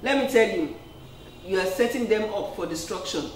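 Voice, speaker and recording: A woman's voice: medium pitch, expressive, normal speed, a little hiss or hum. A woman preacher giving an earnest sermon, peppered with "amen" and "praise the Lord". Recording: echoey room, distant mic.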